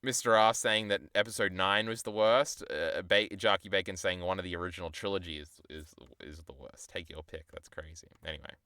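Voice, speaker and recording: A man's voice: low voice, fairly even intonation, a little fast, hardly any pauses, bright, forceful tone, smooth, no echo, studio quality. A young man streamer rambling in a casual, profane, self-deprecating way while he chats to his viewers.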